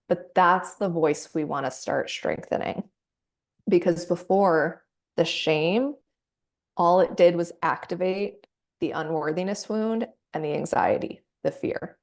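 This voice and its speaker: Gentle woman coaching through a session. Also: fairly low pitch, slow, vocal fry. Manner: gentle, encouraging, acts out inner voices. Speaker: somatic practitioner.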